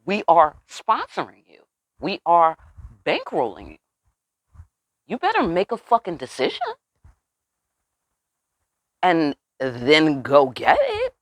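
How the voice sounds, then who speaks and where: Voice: medium pitch, wildly swooping pitch, takes it slowly, pauses often, no echo. Tarot reader on a channel, mid-range voice, street-talking and profane, keeps asking "you know what I'm saying?", dry close sound. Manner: asks the listeners rhetorical questions. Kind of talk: casual spiritual reading.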